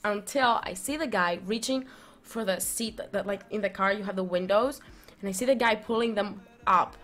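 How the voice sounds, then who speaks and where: A young woman vlogging, telling a story in a rambling, animated way full of fillers and restarts. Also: mid-range voice, moderate pace. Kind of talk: casual storytelling.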